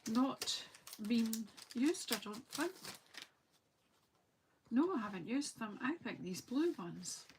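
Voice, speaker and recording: A woman's voice: fairly high pitch, very animated, slow, pauses often, background noise. A woman from Scotland, a craft demonstrator, chatting casually and thinking aloud as she works through a live crafting session.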